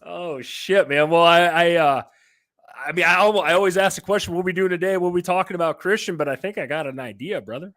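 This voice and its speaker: A man hosting a casual sports podcast on a headset, excitable and loud, swearing freely. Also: high-pitched, fairly quick. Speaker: podcast host.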